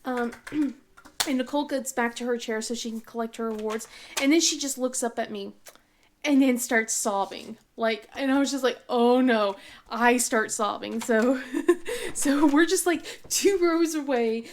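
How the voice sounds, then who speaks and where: A woman's voice: fairly high pitch, unhurried, slight background noise. A woman in her thirties hosting a craft channel, telling a family story in a rambling, casual way with lots of fillers and restarts, often laughing as she goes.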